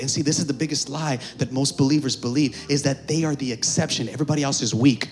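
A male pastor preaching a sermon in a church, calling on the congregation to answer back and swinging between hushed asides and shouting. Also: mid-range voice, fast talker, hardly any pauses, soft background music.

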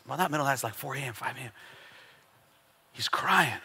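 A man preaching a sermon, with many restarts and calls for an amen, building up to loud fervor. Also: on the high side, expressive, fast talker, gravelly, breathy edge. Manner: asks for amens from the congregation. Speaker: pastor.

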